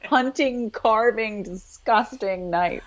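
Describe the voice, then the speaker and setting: A woman co-hosting a casual TV recap, who jokes and laughs and chimes in with quick quips. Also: fairly high pitch, lo-fi sound. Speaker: podcast co-host recapping a TV episode. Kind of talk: casual chat.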